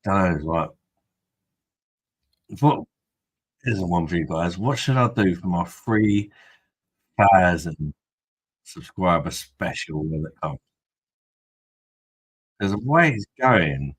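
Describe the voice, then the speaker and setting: Male host, deep husky voice, loose crude banter with viewers. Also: animated, slow, long pauses, no echo, rough recording. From Kent, England. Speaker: host of a beer review live stream. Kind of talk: casual live-stream chat.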